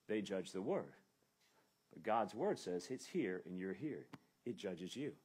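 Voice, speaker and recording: A man preaching a sermon in church, with a husky, slightly breathy voice. His pitch rises and falls a lot as he leans into his points and acts out quoted speech. The delivery is emphatic and conversational. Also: animated, unhurried, a little mellow. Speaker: pastor. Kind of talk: expository sermon.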